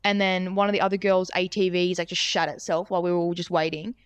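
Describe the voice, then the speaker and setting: A woman's voice: fairly low pitch, level tone, quick pace, clear, resonant tone, dry recording. A young woman co-hosting a podcast, telling a story in a rambling, casual way, swearing often and saying "like" constantly. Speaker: podcast co-host.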